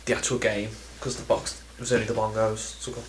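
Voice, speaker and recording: A man's voice: lowish voice, completely flat delivery, fairly quick, slight background noise, poor audio. Rambling man vlogging casually. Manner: rambling, self-deprecating, lots of ums and restarts. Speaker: video game collector vlogger. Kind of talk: casual chatty vlog.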